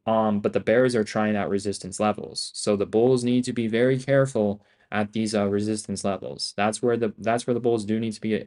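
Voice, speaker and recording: A man's voice: on the low side, darkish tone. Profane, restless young man calling live trades. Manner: profane, slangy, restless, thinking aloud. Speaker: day-trading streamer. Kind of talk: live trading commentary.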